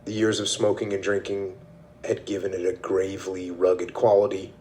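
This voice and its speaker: A man hosting a podcast, reading passages from a book aloud and discussing them in a measured, steady way. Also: low voice, slight background noise. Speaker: podcast host.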